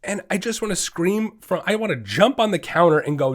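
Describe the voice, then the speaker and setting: Man, podcast host, dog trainer, emphatic, ranting, lively pitch swings. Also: fairly quick, hardly any pauses. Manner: animated, emphatic, fired-up ranting. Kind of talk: solo podcast talk.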